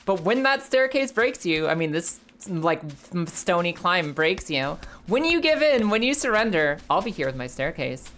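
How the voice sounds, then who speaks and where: A woman voicing a folksy, helpful man who built some stairs, speaking slowly and coaxingly. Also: on the low side, sing-song, a bit bright, slight background noise. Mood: pleading.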